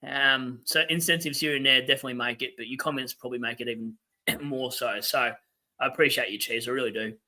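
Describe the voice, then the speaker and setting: A man's voice: mid-range voice, fairly even intonation, fairly quick, bright, forceful tone. A young Australian man hosting a fantasy football livestream, ranting and swearing in a casual chat with asides to his viewers. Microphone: webcam setup.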